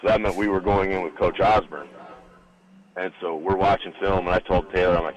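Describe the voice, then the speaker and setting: A man's voice: low-pitched, brisk, a crowd in the background, rough recording. A middle-aged man, a former college football lineman, telling stories as a guest in a casual interview and acting out the lines of the people in them. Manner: animated anecdotal storyteller acting out quotes. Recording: radio broadcast studio.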